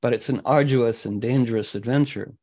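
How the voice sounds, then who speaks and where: Male host, mid-pitched, rambling storyteller who keeps clearing his throat. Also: a little fast, darkish tone, low-quality recording. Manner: meandering, clears throat often. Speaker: astrology talk host. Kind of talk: storytelling to a group.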